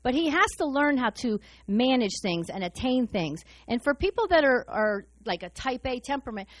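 A woman preaching a sermon in a fast, excited, humorous way. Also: high-pitched, no room sound.

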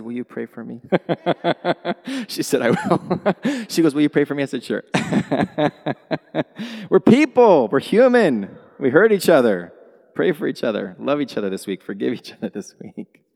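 A middle-aged man preaching a sermon as a pastor, talking in an animated way, acting out dialogue and laughing often as he speaks. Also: medium pitch. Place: church hall. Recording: long hall reverb.

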